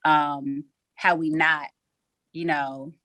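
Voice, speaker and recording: A woman's voice: low voice, level tone, very slow, bright, forceful tone, no echo. A woman, a head coach talking frankly in a casual interview and acting out what people said. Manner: frank, acts out quotes.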